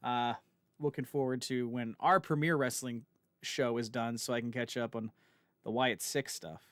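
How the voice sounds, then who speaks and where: A man's voice: mid-range voice, normal speed, dry recording, studio quality. A man co-hosting a gaming stream, chatting casually and laughing as he tells stories. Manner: animated, laughs while telling stories. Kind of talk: casual chat while playing.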